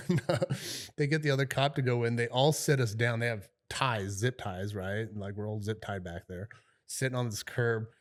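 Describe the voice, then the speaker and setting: A man's voice: medium pitch, fairly even intonation, normal speed. A middle-aged man co-hosting a podcast, telling a long story in a casual, rambling way, swearing freely and dropping fillers like "right?" and "you know". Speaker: podcast co-host.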